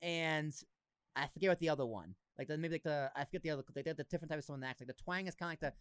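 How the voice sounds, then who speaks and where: A man's voice: fairly high pitch, clear, resonant tone, no room sound, clean studio sound. Joking man with a slight Boston accent. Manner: joking, talks over his guest with quick asides. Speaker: podcast host. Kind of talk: casual podcast chat.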